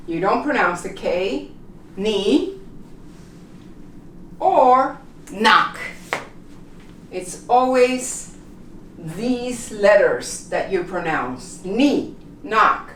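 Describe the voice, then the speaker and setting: A woman teaching an English pronunciation lesson, patiently saying example words slowly and repeating them. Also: medium pitch, a little hiss or hum. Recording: echoey room, mic at a distance.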